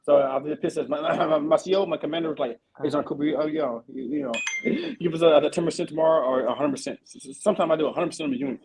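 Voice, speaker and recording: A man hosting a casual veterans' podcast, telling army stories in a profane, animated way with lots of repeated fillers. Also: on the high side, fast, hardly any pauses, slight background noise, poor audio. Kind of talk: casual chat.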